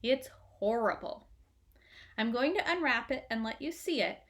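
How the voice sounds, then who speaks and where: A woman's voice: fairly high pitch, animated, unhurried, a bit bright. A woman playing a solemn, apologetic dad. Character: middle-aged father, earnest and solemn.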